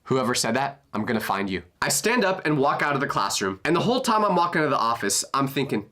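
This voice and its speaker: Animated young man telling a comedic story. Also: mid-range voice, fast, few pauses. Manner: animated, expressive, jokey.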